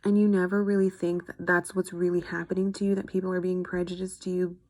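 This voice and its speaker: A woman's voice: on the low side, flat delivery, fast talker, darkish tone, no echo. A young woman giving an earnest, frustrated personal video update to her followers. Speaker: vlogger.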